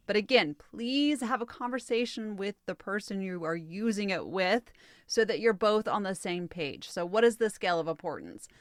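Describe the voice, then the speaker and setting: A woman hosting a solo podcast, calmly teaching relationship skills in a measured coaching tone. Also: mid-range voice, no room sound, clean studio sound. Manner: calm, measured, coaching tone with light laughs.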